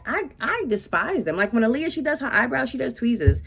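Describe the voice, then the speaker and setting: A young woman chatting casually and rambling through animated asides while waxing on her beauty vlog. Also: a little high, a little fast, creaky, few pauses, slightly rough. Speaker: beauty vlogger.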